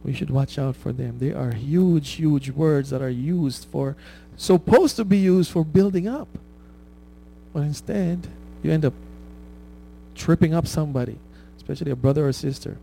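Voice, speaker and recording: A man's voice: fairly high pitch, moderate pace, creaky, mellow, poor audio. Conversational man preaching a sermon. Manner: conversational preaching with frequent "right?" tags; laughs at his own anecdotes. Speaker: pastor.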